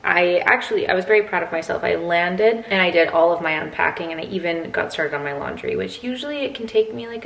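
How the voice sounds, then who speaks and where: English woman in her twenties, rambling jet-lagged vlog chat, gravelly edge, roomy sound. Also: medium pitch. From England. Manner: chatty, rambling, quick tangents. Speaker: vlogger. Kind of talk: casual morning chat to camera. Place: home.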